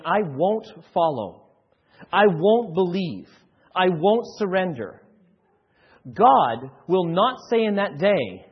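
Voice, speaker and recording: A man preaching a sermon with passion, building from quiet to loud and often repeating words as he presses a point. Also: high voice, slightly rough. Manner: repeats words when stirred. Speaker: pastor. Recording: dull sound, long hall echo.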